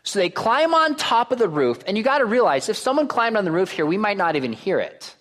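A high-voiced man talks fairly quickly as he preaches to a congregation. This pastor reads verses aloud and keeps the sermon animated by asking the crowd questions.

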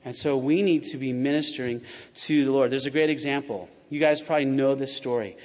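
A man's voice: medium pitch, fairly quick. A pastor delivering a conversational sermon and acting out the quotes he tells, recorded in a church sanctuary. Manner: conversational and animated, acts out quotes. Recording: muffled sound with long reverb in a large hall.

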